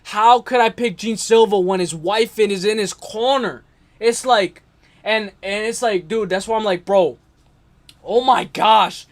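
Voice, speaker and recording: A man with a high voice hosts a casual fight-talk livestream. He rambles in loose slang, circles back on his own points and speaks straight to his viewers. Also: a little slow. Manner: rambling, slangy, repeats himself, addresses chat directly. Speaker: MMA livestream host.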